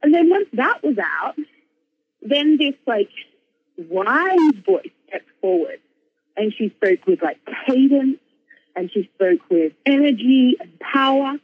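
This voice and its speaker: A woman in casual conversation, animated and full of fillers, breaking into laughter often. Her voice sits a little high and has a husky, breathy edge. The sound is dull and lo-fi, like a video call. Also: slow. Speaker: author and speaker.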